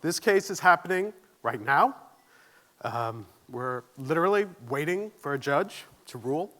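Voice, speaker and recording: A man's voice: fairly high pitch, expressive, a little slow, fairly bright tone. A man giving a conference keynote, nervous but earnest, asking the audience questions and joking at his own expense. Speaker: keynote speaker. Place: conference stage.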